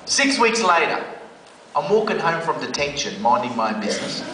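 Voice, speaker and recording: Animated Australian man telling a story. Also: a little high, normal speed, very echoey, recorded from a distance, slight background noise, low-quality recording. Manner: animated, slangy, comic. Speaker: speaker giving a testimony. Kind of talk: storytelling talk.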